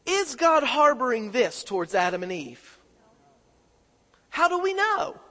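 A man's voice: extremely high pitch, sing-song, a little slow, bright, forceful tone. A man preaching a sermon who keeps putting questions to his congregation and calling for their answers. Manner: questions the congregation, call-and-response. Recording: echoing hall reverb.

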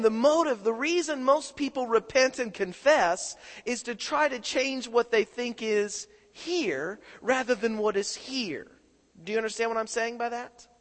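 A male preacher delivers a sermon and keeps asking his congregation to answer him. His voice is high and bright, and it swings widely in pitch. The sound rings out in a hall with long reverb. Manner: questions the congregation, call-and-response.

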